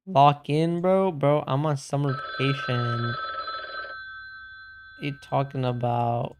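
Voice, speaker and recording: A man's voice: mid-range voice, fairly even intonation, slow pace. A man streaming casually, chatting slangily and calling everyone bro while answering his chat.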